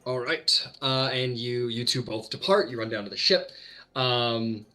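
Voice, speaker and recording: A man's voice: medium pitch, unhurried, sharp tone, soft background music. A man narrating as game master of a tabletop game, loose and full of fillers.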